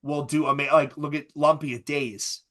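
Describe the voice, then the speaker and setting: A man hosting a casual podcast chat, talking loosely with quick asides, laughs and swearing. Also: fairly high pitch, fairly even intonation, fairly bright tone. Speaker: podcast host.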